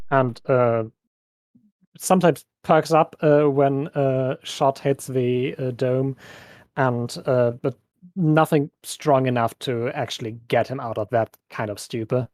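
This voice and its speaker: Slow, hesitant man playing a tabletop game. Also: medium pitch, steady tone, darkish tone, no room sound. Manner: slow, hesitant, lots of fillers. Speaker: player. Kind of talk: describing his character in a tabletop game.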